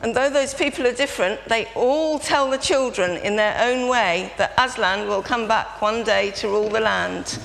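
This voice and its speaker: Woman leading a family-service children's talk in a reverberant church, slight fry, coaxing congregation participation. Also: a little high, moderate pace, hardly any pauses. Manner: lively, prompting audience participation. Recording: reverberant church, faint background noise.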